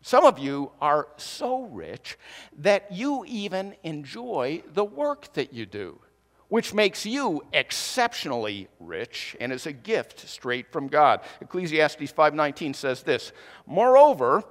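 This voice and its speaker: A man's voice: on the high side, big pitch swings, slow, fairly bright tone, big-room sound. A man preaching a sermon as pastor, conversational and teasing his congregation. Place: church hall.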